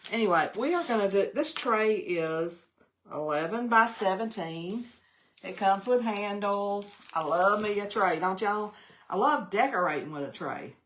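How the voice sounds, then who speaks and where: A woman's voice: medium pitch, expressive, unhurried. An older woman with a Southern American accent, hosting a casual live craft demonstration and chatting folksily with viewers as she works. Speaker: craft livestream host.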